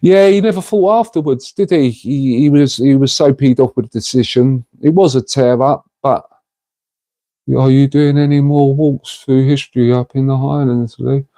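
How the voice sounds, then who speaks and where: A man's voice: medium pitch, moderate pace, warm tone, dry recording. A middle-aged man hosting a casual livestream, rambling and chatty as he reads out viewers' comments and calls them mate. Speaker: livestream host reading chat.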